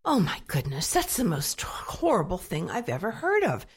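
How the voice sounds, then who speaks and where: A woman voicing an anxious, tearful middle-aged housewife with a high, pleading voice. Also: wildly swooping pitch, normal speed, husky, full character voice. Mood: distressed.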